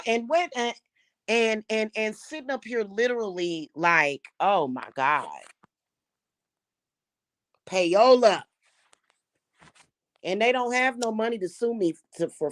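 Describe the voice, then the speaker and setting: Speaking at a medium pitch, this middle-aged spiritual reader and spellwork vlogger delivers an unscripted angry rant straight to camera. She swears, sounds heated, says things more than once and keeps starting sentences over. The sound is dry and studio-clean.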